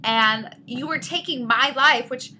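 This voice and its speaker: A woman co-host tells a story in a bright, clear voice that sits a little high. She is animated and acts out each quote, dropping or lifting her voice to play the people she describes. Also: a little slow, slight background noise. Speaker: podcast co-host. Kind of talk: casual storytelling chat.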